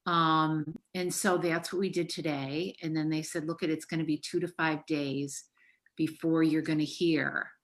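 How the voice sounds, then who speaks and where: On a casual podcast conversation, a middle-aged woman therapist speaks frankly and emotionally, cursing freely. Her voice is deep and level, at a normal speed.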